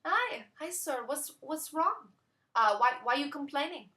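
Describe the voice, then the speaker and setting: A woman voicing a pushy middle-aged female cafe owner, shrill and indignant. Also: lively intonation, a little slow, sharp tone, exaggerated voice. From Barcelona.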